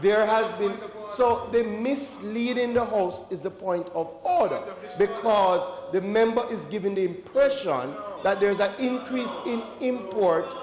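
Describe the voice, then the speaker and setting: A man's voice: high voice, measured pace, hardly any pauses. A Jamaican man, a member of parliament, raising a point of order in an insistent, combative way. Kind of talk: parliamentary objection. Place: large parliament chamber. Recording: dull echoey chamber audio with crowd murmur.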